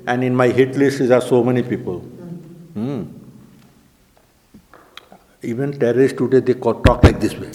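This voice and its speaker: A man leads a scripture class, reading out verses and breaking them down word by word at a medium pitch. His voice rings with a long hall reverb. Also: moderate pace, a little mellow. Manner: reads Sanskrit verses then explains word by word. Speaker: scripture teacher.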